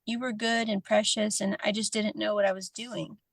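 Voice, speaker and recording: A woman's voice: mid-range voice, level tone, normal speed, creaky, dry recording. A woman reading aloud a tender personal letter as a podcast guest, emotional and often laughing, then chatting casually.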